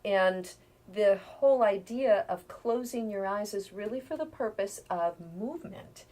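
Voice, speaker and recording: A middle-aged woman, a healer, explaining things calmly in a conversational interview, sometimes dropping to a near-whisper. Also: mid-range voice, measured pace.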